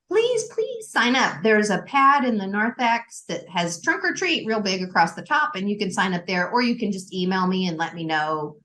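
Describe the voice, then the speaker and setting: A woman co-hosting a church podcast, chatting casually, excitable and quick to laugh. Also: lowish voice. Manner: laughing often, animated and excitable. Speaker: church staff member and podcast co-host. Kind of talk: casual chat.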